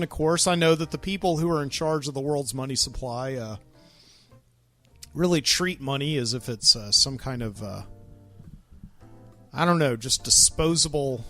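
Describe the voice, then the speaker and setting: A man's voice: mid-range voice, unhurried, pauses often, bright, forceful tone, soft background music. A man hosting his own podcast in a casual solo monologue, rambling and wry, with many ums and uhs. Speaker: podcast host.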